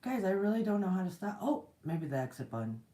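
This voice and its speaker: A woman's voice: medium pitch, big pitch swings, quick pace, warm tone, distant mic. Bubbly woman host chatting in an echoey room. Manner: bubbly, giggly, rambling and effusive. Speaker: channel host giving spiritual messages. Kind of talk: casual livestream chat.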